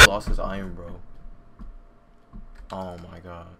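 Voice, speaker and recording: Excitable slangy young gamer guy. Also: low voice, takes it slowly, pauses often. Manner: excitable, slangy, talks to himself and viewers. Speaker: gaming YouTuber. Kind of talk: casual gameplay commentary. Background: computer fan noise and keyboard clicks.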